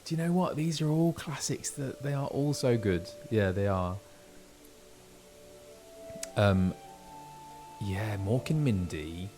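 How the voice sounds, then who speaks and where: A male voice actor chatting casually while streaming a game, animated and chatty, often stopping and restarting mid-sentence. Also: fairly low pitch, slow, pauses often, soft background music. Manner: chatty, animated, self-interrupting. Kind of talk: casual gameplay chat.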